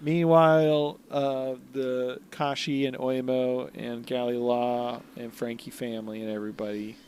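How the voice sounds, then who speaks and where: A man with a voice of middling pitch banters on a podcast. He jokes around playfully and keeps the talk loose and casual. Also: level tone, a little slow, a little mellow, slight background noise. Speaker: podcast co-host. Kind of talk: casual chat.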